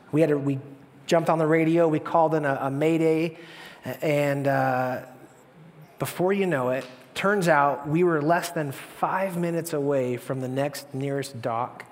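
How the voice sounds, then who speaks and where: High-voiced preacher in a reverberant hall. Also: male voice, a little slow. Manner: animated storytelling, dramatic swings from hushed to loud. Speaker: pastor. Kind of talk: sermon.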